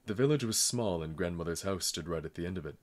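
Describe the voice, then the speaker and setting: A man reading a novel aloud in calm, measured narration. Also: low-pitched. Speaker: audiobook reader. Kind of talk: scripted narration.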